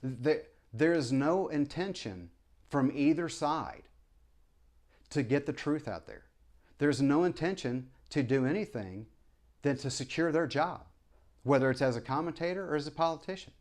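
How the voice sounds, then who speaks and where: Man, ex-preacher, vlog rant, halting restarts, keeps apologizing, fiery rhetorical questions. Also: on the high side, a little mellow. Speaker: vlogger; former preacher. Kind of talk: rambling opinion monologue.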